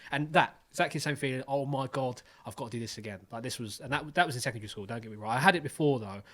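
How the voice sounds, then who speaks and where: A young man hosts a casual podcast, rattling off stories at a brisk clip and acting out the voices of others. He swears freely and his voice sits at an ordinary middle pitch. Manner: animated storytelling, swears freely, acts out voices. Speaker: podcast host. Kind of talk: casual chat.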